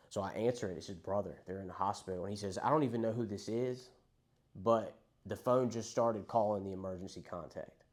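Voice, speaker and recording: A man's voice: fairly low pitch, brisk. A young man candidly telling his story of addiction and loss to a recovery group, speaking in a conversational, profane way.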